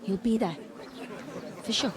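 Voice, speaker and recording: A woman's voice: medium pitch, a little slow, crowd noise, close to an everyday voice. A woman voicing a proud, prickly tavern woman in a video game, speaking curtly. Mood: cool. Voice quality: curt, cold.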